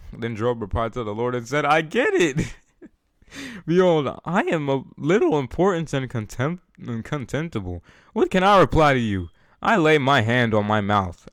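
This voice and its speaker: A young man with a low, smooth, resonant voice reads scripture aloud. He trips over words, restarts them, and breaks off for casual, laughing asides. The recording is dry and close, with no room echo. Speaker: Bible reader.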